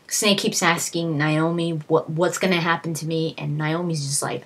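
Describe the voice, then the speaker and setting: A young woman talks her way through a game's story in a loose, rambling style. Her voice is a little husky and sits low for a woman. She keeps doubling back with fillers and restarts as she goes. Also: steady tone, moderate pace, hardly any pauses. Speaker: video creator retelling a game plot. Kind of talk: casual plot recap.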